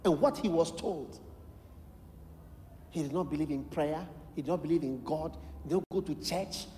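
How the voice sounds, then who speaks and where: A man with a Ghanaian English accent preaching a sermon, telling a story with lively acted-out voices and bursts of shouted prayer. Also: on the high side, moderate pace, a little hiss or hum. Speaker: bishop preaching. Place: large church hall. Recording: echoey large hall, live sermon.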